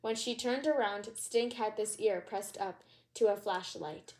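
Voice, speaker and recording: A woman's voice: medium pitch, measured pace, a little mellow. A woman hosting her channel and reading a children's book aloud, with chatty asides and a few stumbles. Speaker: channel host, read-aloud reader.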